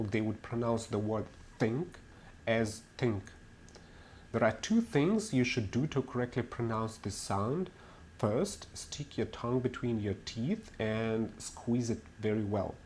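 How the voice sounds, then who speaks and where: A man's voice: medium pitch, darkish tone, a little hiss or hum. A man teaching English pronunciation in a webinar, laying out his principles one by one in an explanatory way. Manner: methodical, explanatory, lists principles step by step. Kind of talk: webinar lecture.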